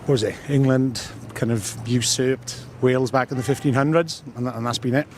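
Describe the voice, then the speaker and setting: A man's voice: medium pitch, steady tone, brisk, darkish tone, slight background noise. A man stating his opinion firmly and bluntly. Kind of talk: casual opinion statement.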